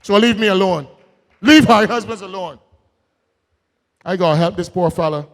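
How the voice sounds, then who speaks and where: A man with a Barbadian accent giving a political rally speech, folksy and joking, then building to shouted emphasis. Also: sits high, moderate pace. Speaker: political speaker. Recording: long hall reverb.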